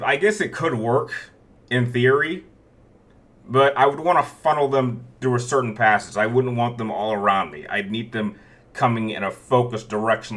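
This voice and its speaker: A man in his thirties hosts a relaxed Q&A, answering viewer questions one after another. His voice is bright and forward, and he often restarts his sentences as he thinks aloud. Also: medium pitch. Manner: rambling, many restarts, chuckles between answers. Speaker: YouTube Q&A host.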